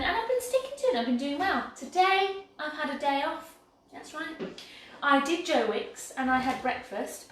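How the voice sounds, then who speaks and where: A bubbly, chatty Englishwoman with a high, slightly bright voice hosts a cheerful, self-mocking baking livestream from her home kitchen. She's picked up by a laptop mic across the room, so the sound is very echoey and distant, with faint background noise.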